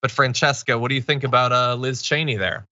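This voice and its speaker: Bright, sardonic male political commentator. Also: mid-range voice, a little fast, dry recording, dull audio. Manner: sardonic, animated, mocking asides.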